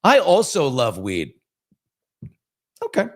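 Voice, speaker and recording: A man's voice: fairly high pitch, wildly swooping pitch, slow. A man in his fifties hosting a casual live chat, reading viewer comments and telling candid, rambling stories. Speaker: host.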